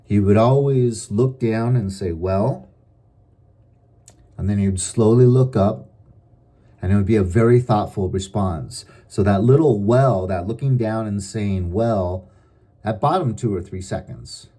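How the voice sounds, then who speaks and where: A middle-aged man giving advice in a calm, measured, deliberate monologue. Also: on the low side. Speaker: advice vlogger.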